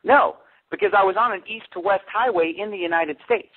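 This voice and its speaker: A pastor as a radio interview guest, telling a story in an animated way and quoting the people he met. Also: high-pitched, brisk, breathy edge. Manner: animated storytelling with quoted dialogue. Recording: tinny phone line.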